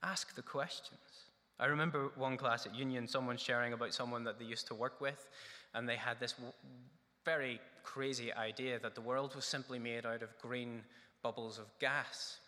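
A man's voice: mid-range voice, steady tone, moderate pace, bright, forceful tone. A man preaching a sermon, earnest and full of rhetorical questions. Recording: echoey hall reverb.

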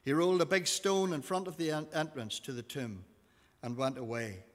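A man's voice: a little high, normal speed. A man reading scripture aloud to a class, giving the quoted lines expression. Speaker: teacher. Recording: long reverb of a hall.

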